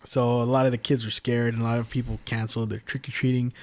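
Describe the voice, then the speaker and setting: A man from the San Francisco Bay Area chats on a podcast, rambling through his story with restarts and fillers. His voice sits at an ordinary middle pitch. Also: little pitch movement, quick pace, darkish tone. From San Francisco Bay Area, California. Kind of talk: casual podcast chat.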